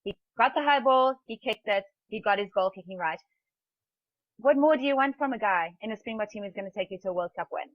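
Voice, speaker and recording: A woman's voice: mid-range voice, lively intonation, fairly quick, narrow, tinny audio. A woman co-hosting a sports talk show, making her case in a matter-of-fact, confident way. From South Africa.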